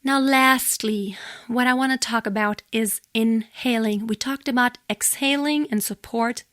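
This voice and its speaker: A woman teaching a singing lesson, explaining plainly and breaking into short sung and breathy demonstrations. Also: a little high, measured pace, fairly bright tone, no room sound, clean studio sound.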